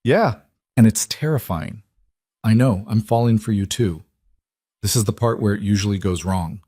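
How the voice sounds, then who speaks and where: A man's voice: on the low side, normal speed, warm tone, breathy edge, no room sound, studio quality. A man voicing an anxious, grateful single mother in a narrated story, speaking earnestly and emotionally. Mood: tender.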